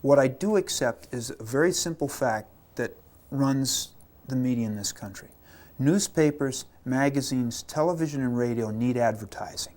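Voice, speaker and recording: A man, an army chaplain, telling war stories in an interview, animated and repeating words as he acts out quotes. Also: mid-range voice, moderate pace.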